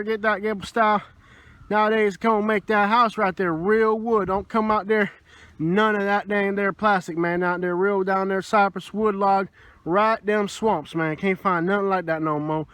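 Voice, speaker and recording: A mumbling old Southern swamp man, as a vlogger puts him on, with a thick Southern US accent. He rambles in high, half-finished sentences that keep trailing off into "man." The voice sits noticeably higher than a typical man's. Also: steady tone, normal speed, a bit bright, no room sound. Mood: rambling.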